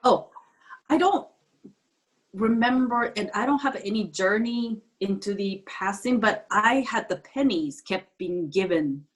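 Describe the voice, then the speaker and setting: A woman in a group conversation tells a heartfelt story in halting speech, with frequent restarts and loose grammar. Her pitch sits in an ordinary middle range. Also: animated. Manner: halting, restarts sentences, non-standard grammar. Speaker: group participant sharing a story. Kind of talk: casual personal storytelling.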